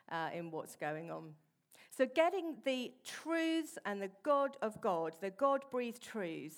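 A woman preaching to her congregation in a church hall, earnest and conversational, dropping into softer asides as she talks. Her voice sits at an ordinary middle pitch. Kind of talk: sermon.

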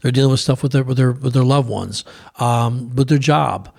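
A man co-hosting a Christian talk show, retelling a Bible story in a lively, conversational preaching manner with asides. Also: mid-range voice, moderate pace, vocal fry. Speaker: pastor co-host.

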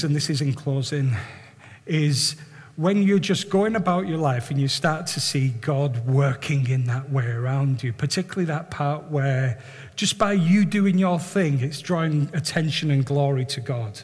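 A man preaching with animated earnestness, often repeating words as he builds his point. His voice is high for a man. Long reverb fills a large hall around him. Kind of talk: sermon with storytelling.

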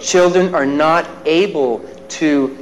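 A man's voice: fairly high pitch, slow pace, slight background noise, rough recording. A male psychologist telling a personal story in a workshop lecture, with self-deprecating, chuckling asides. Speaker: psychologist giving a workshop talk.

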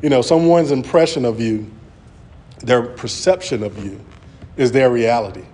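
A man's voice: medium pitch, moderate pace, dark tone. A man preaching an earnest sermon, often restarting his words as he presses his points. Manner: earnest, repetitive, stammering restarts.

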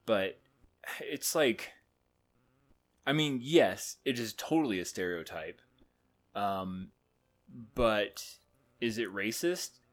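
A man co-hosting a casual podcast, sleep-deprived and rambling in energetic rants full of fillers. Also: fairly low pitch, slow, pauses often. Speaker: podcast co-host.

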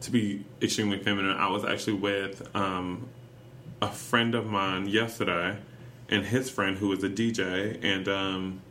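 A man with a North Carolina accent co-hosting a chatty podcast, animated and teasing, laughing often. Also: deep voice, normal speed, slight background noise. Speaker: podcast co-host. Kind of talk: casual chat.

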